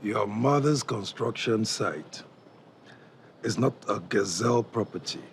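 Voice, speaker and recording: A man's voice: lowish voice, unhurried, vocal fry, slight background noise. A man with a Nigerian accent playing a defiant department head in a TV drama, blunt and fond of Pidgin proverbs. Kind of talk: TV drama acting.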